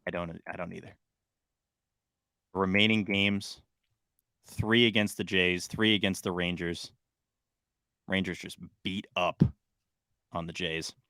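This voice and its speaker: An excitable young man co-hosting a sports podcast, his voice bright and forceful and sitting a little low. He swings between loud bursts and quieter asides in casual chat. The sound is dry and close. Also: takes it slowly, pauses often, dry recording. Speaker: podcast co-host.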